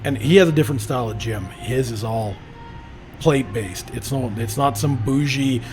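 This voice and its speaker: A man's voice: mid-range voice, normal speed, darkish tone, faint music behind. Emphatic, profane man talking gym motivation. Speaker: podcast host. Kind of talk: casual podcast chat.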